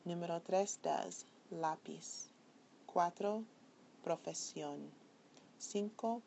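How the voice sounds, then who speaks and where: Woman language teacher, slow deliberate dictation, gravelly lowish voice, faint hiss behind. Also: darkish tone. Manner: careful, deliberate dictation of words. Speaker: Spanish teacher. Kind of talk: slow recorded video lesson.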